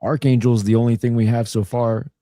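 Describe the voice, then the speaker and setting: A man in casual chat on a toy livestream, speaking in a measured, slightly hesitant way. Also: mid-range voice, level tone, warm tone, no echo, studio quality. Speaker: toy collecting livestream co-host.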